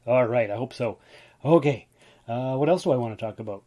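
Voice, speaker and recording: A man's voice: medium pitch, fairly quick, mellow. A man from Ontario, Canada, tired and yawning, talking through a casual solo podcast in a chatty, rambling way full of fillers. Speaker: podcast host.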